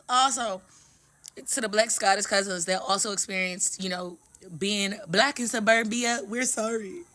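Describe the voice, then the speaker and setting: Hoarse, excited woman chatting to camera. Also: medium pitch, moderate pace. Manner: excited, playful, animated. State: hoarse after a party. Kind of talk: casual chat to camera.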